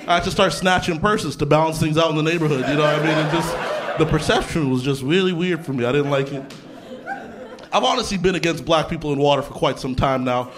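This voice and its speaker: A young adult man from Canada doing a stand-up comedy set in a theatre, talking conversationally with deadpan punchlines and casual asides. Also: a little high, fairly quick. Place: theatre stage before a laughing audience. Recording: live theatre set with crowd laughter. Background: audience laughter.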